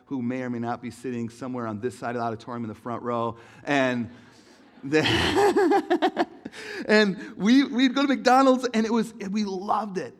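A young man preaching a sermon in an auditorium, telling stories in an animated way and acting out voices. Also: on the high side. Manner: animated storytelling, acts out voices, laughs along. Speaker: pastor.

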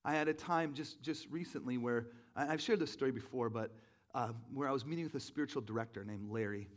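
A man preaching a sermon in a relaxed, storytelling way, with many "like"s and restarts, poking fun at himself. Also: medium pitch, fast. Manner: conversational, self-deprecating storytelling with many fillers. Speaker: pastor.

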